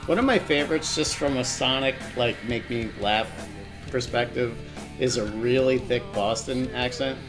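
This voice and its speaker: A man with a medium-pitched, everyday voice, chatting easily on a live show. He laughs often and keeps things loose, with music clearly audible behind him. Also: normal speed. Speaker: co-host. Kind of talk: casual live show banter.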